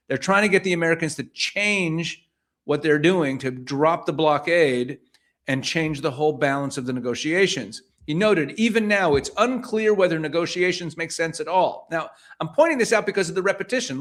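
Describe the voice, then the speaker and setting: A man's voice: on the high side, fairly bright tone. Man reading and unpacking news headlines. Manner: reads passages then paraphrases them pointedly, with rhetorical questions. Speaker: news commentator. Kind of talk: reading headlines aloud and commenting.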